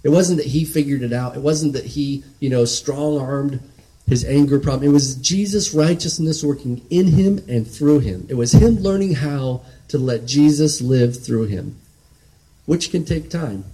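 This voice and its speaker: Mellow-voiced man preaching a sermon. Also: mid-range voice, unhurried, rough recording. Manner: earnest, conversational, frequent restarts and "right?" tags.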